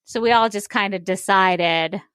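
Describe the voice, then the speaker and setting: A woman's voice: mid-range voice, unhurried, a bit bright, clear, resonant tone, no room sound, studio quality. A woman co-hosting a podcast, telling a story in casual chat with lots of filler words. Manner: rambling storyteller, many "like" fillers. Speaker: podcast co-host.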